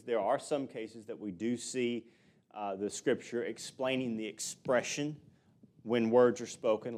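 Male pastor, middle-aged; chatty sermon delivery, wide-ranging pitch. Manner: conversational preaching, animated pitch, acts out quotes.

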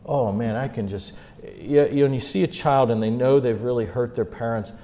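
A man preaching a sermon as a humorous story, acting out the scenes with big jumps in pitch and loudness. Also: fairly even intonation, normal speed.

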